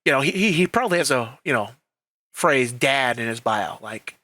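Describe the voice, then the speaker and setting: A man's voice: medium pitch, expressive, normal speed, pushed and bright, dry recording. A man hosting a casual commentary channel, chatty and profane, acting out quoted voices.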